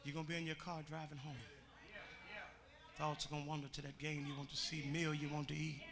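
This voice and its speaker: A preacher delivers a storytelling sermon that swells into loud, repetitive calls. His voice sits on the higher side and carries a gravelly fry. Music plays clearly under him. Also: flat delivery, brisk. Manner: storytelling that builds to shouting, repetitive cadence.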